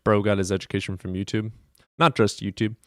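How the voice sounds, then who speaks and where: Male stream host at a home desk: loose, profane storyteller, low pitch, dry desk mic. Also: flat delivery, brisk, no echo. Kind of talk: casual live-stream chat.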